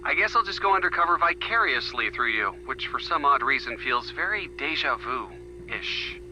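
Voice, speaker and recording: An actor playing an affectionate young boyfriend in a video game, teasing and sweet in a light, playful way. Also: male voice, mid-range voice, animated, normal speed, music in the background, natural voice, poor audio. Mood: joking.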